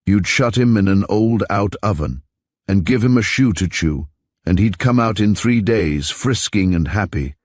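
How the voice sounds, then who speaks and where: A man's voice: lowish voice, expressive, moderate pace, no echo, clean studio sound. A man voicing a blunt, no-nonsense housekeeper woman.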